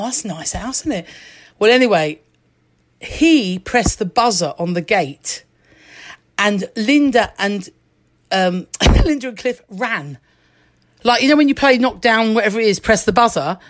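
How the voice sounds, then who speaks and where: A middle-aged woman telling a lively anecdote as a guest, laughing often and acting out the voices she quotes. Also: medium pitch. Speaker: actress, guest. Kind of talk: anecdotal chat, storytelling.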